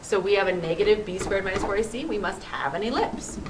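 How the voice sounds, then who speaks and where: A woman's voice: medium pitch, fast. A woman math teacher co-teaching a recorded lesson in a playful, upbeat way, joking about the math. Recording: distant mic with faint noise.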